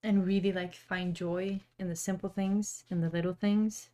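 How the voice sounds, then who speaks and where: Young woman, art-stream host, soft and chatty, laughs easily, talks to viewers while painting. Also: fairly low pitch, little pitch movement, moderate pace. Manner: chatty and gentle, laughs often, reads chat aloud. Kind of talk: casual livestream chat while painting.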